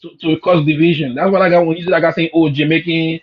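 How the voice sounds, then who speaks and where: A man's voice: a little high, fairly even intonation, rapid-fire. A man from Africa arguing emphatically on a live-stream panel, often repeating words as he gets going. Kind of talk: heated live-stream discussion. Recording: dull lo-fi stream audio.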